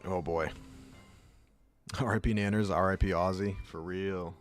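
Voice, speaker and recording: A man's voice: low voice, fairly even intonation, unhurried, soft background music. A man streaming and chatting casually, rambling through jokey asides. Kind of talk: casual chat.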